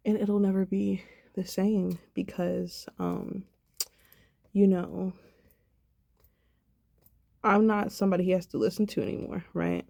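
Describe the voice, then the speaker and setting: Young woman, sad, soft-spoken, rambling, warm mellow voice, dry sound. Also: mid-range voice, a little slow, gravelly, long pauses, no room sound. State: sad, subdued. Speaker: vlogger. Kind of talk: personal video diary.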